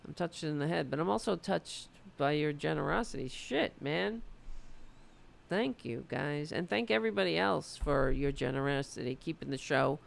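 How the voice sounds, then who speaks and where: A woman from the United States hosting a political livestream, chatting loosely and swearing, her voice going hoarse. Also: sits low. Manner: loose, profane, rambling. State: losing her voice. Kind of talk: casual livestream chat.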